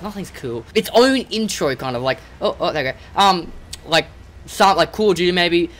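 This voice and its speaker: A young man giving rambling, excitable let's play commentary and yelping at the game creatures. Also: high voice, moderate pace. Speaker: gamer.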